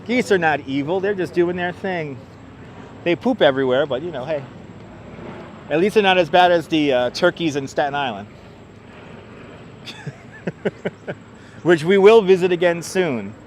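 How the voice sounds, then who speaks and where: A man's voice: a little high, lively intonation, unhurried, long pauses, a little hiss or hum. A man hosting a live walking tour outdoors on a wireless lapel mic, chatty, laughing often and greeting viewers by name. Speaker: livestream host. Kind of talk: live walking tour, reading chat aloud. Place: outdoor waterfront park.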